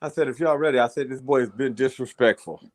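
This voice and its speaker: A man's voice: mid-range voice, quick pace. A man casually telling a long story to friends in a blunt, profane way, repeating "I said" as he retells it. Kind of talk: casual chat.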